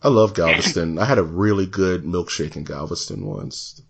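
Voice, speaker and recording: A man co-hosting a podcast in casual chat, animated and laughing often, slipping into mock voices when he tells a story. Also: deep voice, moderate pace, gravelly, crowd noise. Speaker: podcast co-host.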